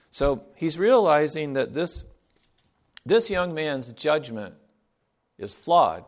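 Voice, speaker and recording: A man's voice: a little high, expressive, takes it slowly, pauses often. A man giving a sermon in a conversational way, reading scripture aloud and asking his listeners rhetorical questions. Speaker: preacher.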